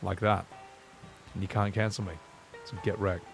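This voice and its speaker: Gravelly man rambling on a game stream. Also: lowish voice, level tone, moderate pace, faint music behind. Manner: casual, rambling and profane. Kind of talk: gaming stream commentary.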